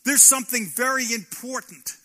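Bright, high-voiced preaching pastor. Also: male voice, fairly even intonation, moderate pace. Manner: preaching with rhetorical questions and emphatic repetition. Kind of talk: sermon.

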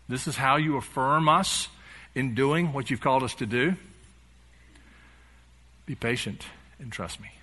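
A man's voice: mid-range voice, pushed and bright. A male pastor preaching a sermon, animatedly retelling a story and acting out its dialogue.

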